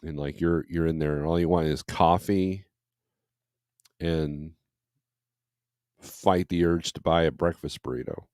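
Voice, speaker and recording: A man's voice: a bass voice, steady tone, unhurried, pauses often, darkish tone, clear, resonant tone, dry recording, studio quality. A man who drives trucks, hosting a casual morning livestream, reading viewer comments aloud and rambling in a blunt, conversational way with many fillers. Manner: blunt and opinionated when griping.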